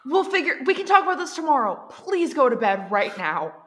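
High-voiced, soothing woman player. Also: sing-song, brisk, a bit bright. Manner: eager, soothing. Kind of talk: tabletop role-play.

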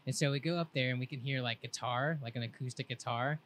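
A man's voice: medium pitch, fast talker, a little hiss or hum. Laid-back young man telling a rambling story. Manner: laid-back rambling storyteller, quotes friends in lively voices. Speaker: podcast co-host. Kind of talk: casual storytelling chat.

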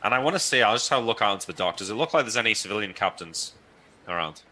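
A man's voice: lowish voice, animated, rapid-fire, pushed and bright. A man taking part as a player in a tabletop role-play, earnest and hesitant.

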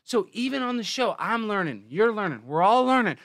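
A young man from Texas hosting a comedic news show, reading headlines and mocking them with sarcastic, excitable riffs. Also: high-pitched, brisk, dry recording, clean studio sound. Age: young adult. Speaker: podcast host.

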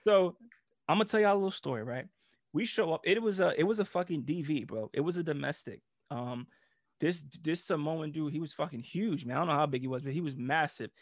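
Animated ex-cop man telling stories. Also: a little high, fairly quick, no echo, clean studio sound. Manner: animated, profane, laughs a lot. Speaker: podcast host, former police officer. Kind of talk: casual storytelling chat.

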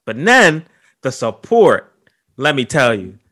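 Bright-voiced candid podcast host, man. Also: medium pitch, slow pace. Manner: candid, animated storytelling, swears freely. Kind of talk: casual conversation.

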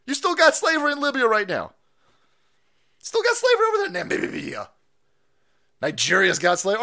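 A man's voice: sits high, wildly swooping pitch, fast talker, long pauses, bright, forceful tone. A man ranting on a livestream, foul-mouthed and mocking, swearing constantly. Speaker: streamer. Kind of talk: profane political rant on a livestream.

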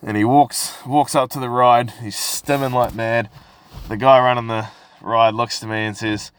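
A man's voice: medium pitch, steady tone, normal speed, clear, resonant tone, no echo. A man hosting a casual solo podcast, rambling and swearing as he tells stories. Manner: rambling, sweary, laid-back storytelling. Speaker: podcast host.

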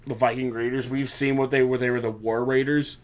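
A man with a mid-range voice talks through the latest wrestling shows in a relaxed podcast chat. He tells it like a story, jumping into little acted-out bits of what people said. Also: medium pitch, a little fast. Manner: animated storyteller who acts out quotes. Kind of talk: casual wrestling recap chat.

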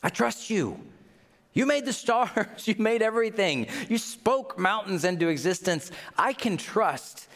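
A man preaching a sermon in a conversational, animated way, often rising to excited exclamations. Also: sits high, unhurried. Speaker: pastor. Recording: long hall reverb.

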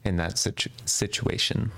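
Deep-voiced man, joking podcast banter. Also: steady tone, creaky, pushed and bright, no echo. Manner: easygoing, jokey, acts out quick examples and chimes in with short agreements. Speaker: podcast co-host. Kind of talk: casual chat.

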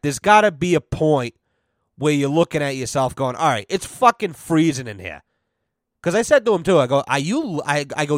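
Guy on a podcast rambling through a sweary work story, kinda high smooth voice, dry close mic. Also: no room sound. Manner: profane, rambling, with many fillers. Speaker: podcast host. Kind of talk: casual storytelling.

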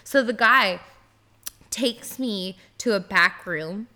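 Bright-voiced woman telling a story. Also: mid-range voice, slow. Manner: animated, swears freely, heavy use of "like". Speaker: podcast co-host. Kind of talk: casual storytelling chat.

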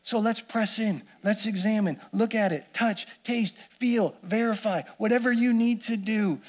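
Earnest high-voiced male preacher. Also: a little slow, a little mellow. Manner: earnest, repeats phrases for emphasis. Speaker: pastor. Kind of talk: sermon.

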